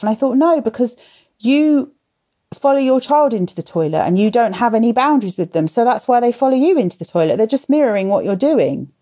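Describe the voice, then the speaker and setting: A woman's voice: a little high, animated, fairly quick, dark tone. A woman in her thirties or forties running a live parenting workshop. She chats, laughs and sighs, and answers viewers by name as she reads their comments.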